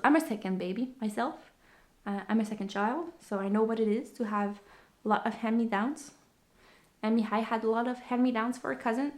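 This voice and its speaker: Fairly high-pitched and darkish, the host's voice carries a breathless, casual podcast chat. She rambles along, often using fillers and starting over.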